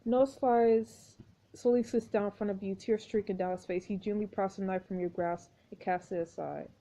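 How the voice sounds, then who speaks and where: A woman reading a story game aloud with expressive commentary, exclaiming at each turn. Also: medium pitch, normal speed. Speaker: gameplay narrator. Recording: dull lo-fi recording.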